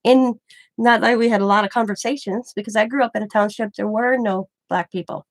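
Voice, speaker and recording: A woman's voice: on the high side, fairly quick, dry recording. Rambling woman in her forties chatting. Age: 40s. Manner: rambling storytelling with many restarts and laughs. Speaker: craft channel host. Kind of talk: casual chat.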